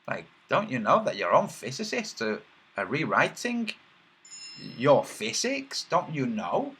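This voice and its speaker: A man's voice: mid-range voice, huge pitch swings, a little slow, fairly bright tone, slightly rough. A man hosting a casual livestream, reading chat messages aloud in a rambling, mocking way with many filler sounds.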